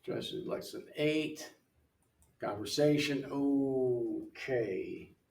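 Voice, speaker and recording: An older man working through an English app lesson in a relaxed way, thinking aloud and reading words off the screen, recorded from away from the mic in a room. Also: mid-range voice, moderate pace, recorded from a distance. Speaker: missionary English tutor. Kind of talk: casual walkthrough of an app lesson. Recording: roomy sound from away from the mic.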